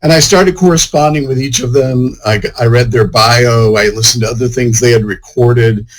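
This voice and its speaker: A man who is an author chats casually as an interview guest, rambling and sprinkling in many "you know" fillers. He has a medium-pitched voice at normal speed, and the recording is rough.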